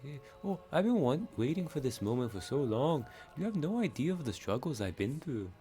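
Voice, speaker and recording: An overjoyed potion brewer, giddy and excitable, as a streamer puts him on. The voice rises higher than the man's usual speech. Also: brisk, natural voice.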